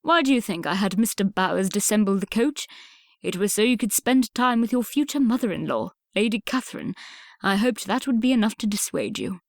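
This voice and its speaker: A loud, blustering older gentleman of the Regency era, as a woman narrator puts him on, pushing his words out brusquely and with heavy emphasis. He sounds like a storybook father who expects to be obeyed, and his voice sits close and dry on the mic. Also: medium pitch, expressive, brisk, dry recording, close to an everyday voice. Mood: confiding.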